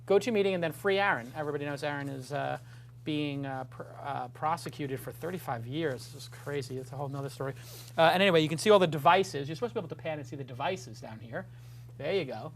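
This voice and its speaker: A man's voice: fairly high pitch, fast talker, creaky, a little hiss or hum. A man hosting a casual studio talk show, chatty and rambling, with jokey self-deprecating asides.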